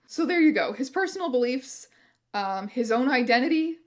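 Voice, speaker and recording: A woman's voice: high-pitched, lively intonation, moderate pace. Sarcastic woman narrating a video essay. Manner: sarcastic, irreverent, swears and laughs. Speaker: YouTube host.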